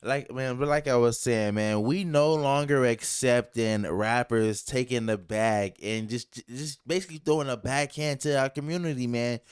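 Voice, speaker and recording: A man's voice: mid-range voice, moderate pace, few pauses, smooth, dry recording, studio quality. A man co-hosting a podcast in casual chat, talking in rambling, emphatic runs. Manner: rambling, emphatic, laughs a lot. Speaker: podcast co-host.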